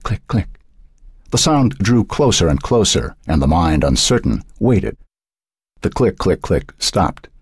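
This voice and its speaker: A man narrating an audiobook in a dark, suspenseful reading style. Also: rumbling low, breathy edge, no echo, clean studio sound. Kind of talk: scripted narration.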